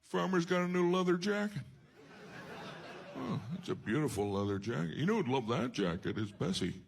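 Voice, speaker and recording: A man's voice: fairly high pitch, expressive, normal speed, gravelly, pitched above the performer's own voice. A man voicing a naive, cheerful female cow who chats without a clue. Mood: oblivious. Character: naive dim female cow chatting in a field.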